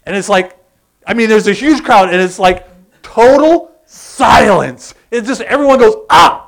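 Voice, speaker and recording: Gravelly, animated preaching man. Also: high-pitched, measured pace. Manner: animated, acts out groans and crowd sounds, asks the congregation questions. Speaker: pastor. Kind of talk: sermon.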